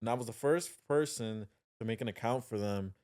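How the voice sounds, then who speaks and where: A man's voice: medium pitch, brisk, a little mellow. A man from Chicago, a guest on a podcast, talking in a laid-back, rambling way. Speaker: podcast guest, video editor. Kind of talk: casual podcast chat.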